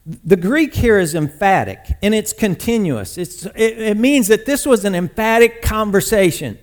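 A man's voice: high voice, lively intonation, normal speed. A male pastor preaching a sermon in an emphatic manner, repeating phrases for stress.

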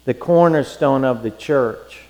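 A man preaching a sermon, emphatic and rising to near-shouts in his pleas. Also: medium pitch, measured pace, big-room sound, low-quality recording. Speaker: pastor.

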